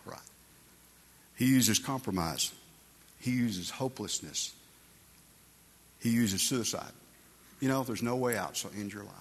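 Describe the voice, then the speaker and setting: Gravelly, husky man preaching to men. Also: fairly low pitch, long reverb tail. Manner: emphatic, conversational preaching with asides like "man" and "guys". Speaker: men's ministry speaker. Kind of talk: sermon to men.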